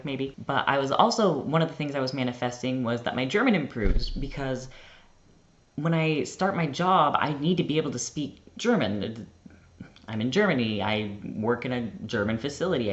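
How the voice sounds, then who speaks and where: Chatty young man, dull lo-fi sound. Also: medium pitch. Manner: chatty, rambling, heavy use of "like". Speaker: vlogger. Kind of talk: casual storytelling vlog.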